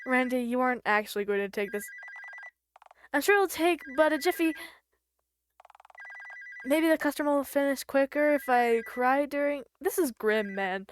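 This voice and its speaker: A woman streamer reading and commenting on a game with wry, deadpan asides. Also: sits high, moderate pace, pauses often, slight background noise.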